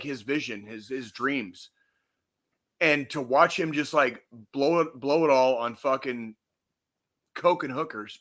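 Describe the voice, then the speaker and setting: A man's voice: medium pitch, pushed and bright. A man co-hosting a podcast, ranting angrily and swearing constantly, with emphatic repetition and restarts. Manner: angry, profane, emphatic. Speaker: podcast co-host. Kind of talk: heated podcast rant.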